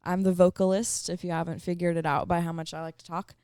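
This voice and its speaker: A woman's voice: lowish voice, level tone, fast talker, dark tone, clean tone, no echo, clean studio sound. A young woman, a metal singer guesting on a podcast, chatting casually with many fillers.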